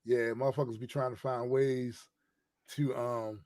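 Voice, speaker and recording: A man's voice: mid-range voice, little pitch movement, unhurried, darkish tone. A man co-hosting a podcast in casual chat, emphatic and profane. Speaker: podcast co-host.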